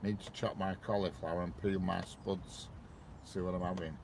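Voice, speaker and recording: Chatty low-voiced man. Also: steady tone, moderate pace, gravelly, background noise. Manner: rambling, chatty, greets viewers by name. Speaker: train-spotting live streamer. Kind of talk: casual live-stream chat.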